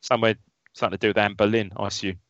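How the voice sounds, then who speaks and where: A man's voice: fairly low pitch, flat delivery, racing, fairly bright tone, dry recording, muffled recording. A man co-hosting a casual podcast, bantering with hesitations and laughs. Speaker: podcast co-host. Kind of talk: casual chat.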